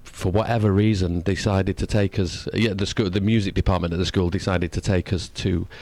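A man from England with a Manchester accent, a musician guest talking quickly and eagerly in a casual interview. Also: low-pitched, steady tone, darkish tone, no room sound. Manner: quick, eager, tends to rush.

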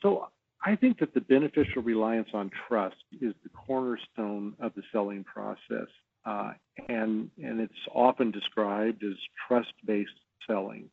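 A man who trains salespeople, talking as a podcast guest and explaining in a measured way with easy laughs. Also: lowish voice, vocal fry, breathy edge, dry recording. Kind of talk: podcast interview. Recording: tinny phone-like line.

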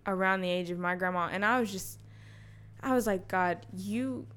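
A young woman in casual conversation, telling a story with frequent laughs and lively quoted voices. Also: medium pitch, moderate pace. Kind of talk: casual chat.

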